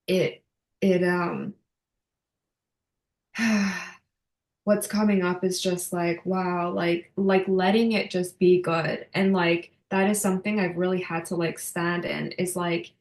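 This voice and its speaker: A woman's voice: fairly low pitch, little pitch movement, takes it slowly, long pauses, roomy sound. A woman in her thirties speaking as a podcast guest, heartfelt and emotional, with many fillers and restarts. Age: 30s. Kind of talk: casual heartfelt interview talk.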